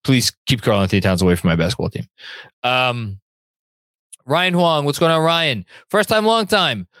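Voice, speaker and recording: A man's voice: medium pitch, lively intonation, moderate pace, a bit bright, no room sound. A man hosting a sports fan podcast, reading viewer comments aloud in a rambling way and often repeating words while he thinks. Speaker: podcast host.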